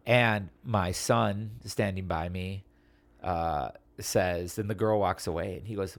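A man co-hosting a casual podcast, telling an animated story with acted-out quotes, swearing and laughing often. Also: deep voice, slow, gravelly, no room sound. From Wisconsin, USA. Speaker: podcast co-host.

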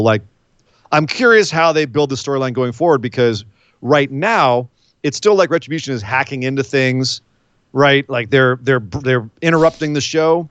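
A man co-hosting a casual wrestling chat podcast, animated and joking. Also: medium pitch, normal speed, clear, resonant tone, no room sound, highs cut off. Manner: animated, mocks wrestlers in silly voices.

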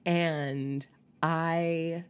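Deep-voiced chatty woman podcast co-host. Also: extremely slow, clear, resonant tone. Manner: chatty, animated storytelling with many fillers. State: voice just recovered from laryngitis. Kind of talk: casual chat.

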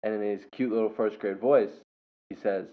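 A young man casually telling a funny story about a first grader, laughing often and breaking into loud impressions. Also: lowish voice, steady tone, fairly quick. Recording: dull lo-fi sound.

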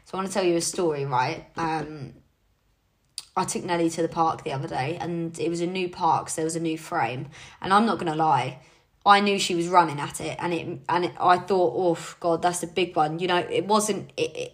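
A young woman leading her team in a casual motivational talk, chatty and encouraging, with frequent fillers. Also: deep voice. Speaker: team leader.

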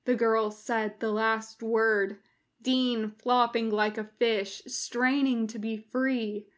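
Slow, wry woman narrator. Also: on the high side, level tone. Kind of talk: fan audiobook reading.

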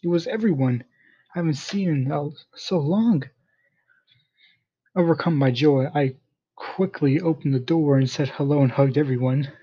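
Man narrating a story, husky voice. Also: a little high, moderate pace, long pauses. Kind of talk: first-person story narration. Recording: dull lo-fi recording.

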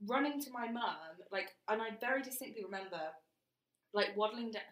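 Woman chatting on a podcast, bright, a bit tense, echoey room, laughs a lot. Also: fairly high pitch, normal speed. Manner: frank, animated storyteller, laughs often. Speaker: podcast co-host. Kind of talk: casual chat.

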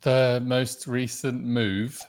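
A man co-hosting a podcast in casual chat, reflective and quick to laugh, drawing out phrases. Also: mid-range voice, level tone, very noisy. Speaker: podcast co-host.

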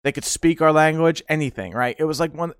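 A man's voice: a little high, a little fast, clean tone, no room sound, clean studio sound. A man hosting a casual podcast, rambling through memories with frequent laughter. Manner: rambling, laughs often, many fillers. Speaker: streamer podcast host. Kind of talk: casual nostalgic chat.

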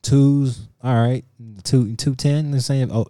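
A man on a podcast, a co-host with a lowish voice, speaks at a normal speed with few pauses, telling a profane story casually and animatedly acting out quotes. The recording is dry, with clean studio sound.

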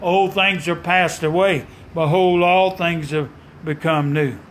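A man preaching a sermon with fervent call-and-response delivery, dramatic pauses and emphatic scripture quotes. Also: on the high side, steady tone, a little hiss or hum.

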